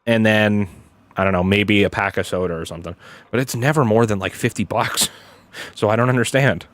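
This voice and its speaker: A man's voice: fairly low pitch, a little fast, a bit bright. A young man, chatting casually while he plays a game, rambling and swearing, with lots of "like" and "dude". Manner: rambling, swears a lot, says "like" and "dude" often. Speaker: gaming streamer. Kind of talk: casual gameplay chat.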